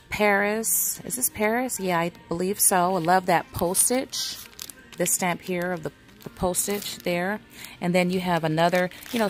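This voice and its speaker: A middle-aged woman vlogging from a store aisle, chatting casually and reading product labels aloud to herself. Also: fairly low pitch. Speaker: craft vlogger browsing a store. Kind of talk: casual shopping walkthrough. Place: indoor retail store aisle.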